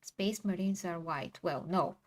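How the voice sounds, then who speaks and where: A woman's voice: fairly low pitch, a little slow. A woman hosting a casual livestream, chatting and reading posts aloud with a sarcastic edge. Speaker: streamer host.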